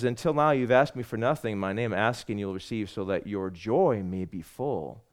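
A male pastor delivers a Sunday sermon with a very lively, swooping voice. He swings from loud, stressed lines down to soft, hushed asides, speaking straight to the congregation. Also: mid-range voice.

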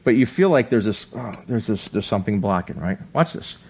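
A man preaching a sermon in a conversational way, reading scripture aloud and often checking in with listeners with a quick "right?". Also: on the low side, expressive, darkish tone, breathy edge. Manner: reads scripture aloud, acts out quotes. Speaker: pastor.

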